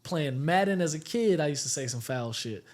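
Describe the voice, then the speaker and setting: Male comedian, casual interview talk, profane storytelling, somewhat high voice. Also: normal speed. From Puerto Rican roots, raised in the Bay Area. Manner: candid, profane, storytelling with lively asides. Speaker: stand-up comedian guest.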